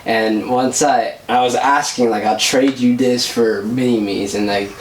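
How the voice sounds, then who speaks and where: In casual vlog chat, a young man from Southern California wanders through his stories with lots of fillers. He speaks at a medium pitch in a steady tone, a little slowly, against a noisy background, his mic set at a distance in an echoey room.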